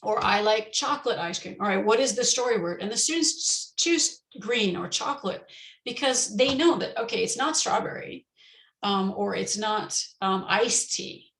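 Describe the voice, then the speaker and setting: Woman presenting with a gravelly voice. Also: medium pitch, normal speed, reverberant, poor audio. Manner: relaxed, explanatory, many ums and restarts. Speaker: teacher presenting at a conference. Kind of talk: conference talk on teaching pronunciation. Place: indoors, online session.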